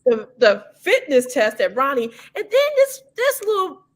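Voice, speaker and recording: A woman guest telling stories in a playful, animated, casual way, sometimes restarting her sentences. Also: high voice, measured pace. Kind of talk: casual storytelling chat.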